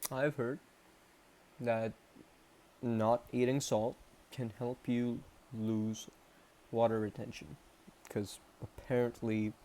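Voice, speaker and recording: A young Canadian-accented vlogger meanders slowly through a casual self-improvement vlog in a warm, mid-pitched voice. He pokes fun at himself, often trailing off and starting sentences over, and a faint hiss or hum sits under the audio.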